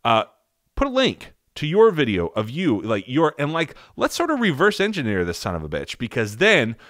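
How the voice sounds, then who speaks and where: A man's voice: mid-range voice, a bit bright, no room sound, clean studio sound. A man hosting an audio tutorial in a rambling, jokey, profane way. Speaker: tutorial host, sound designer. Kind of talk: casual tutorial talk.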